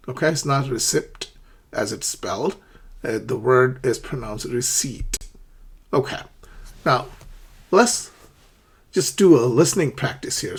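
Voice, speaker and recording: Teaching English learners how to shop, a man with a medium-pitched, breathy-edged voice explains phrases step by step. He acts out little shop dialogues and repeatedly checks in with "okay" and the like.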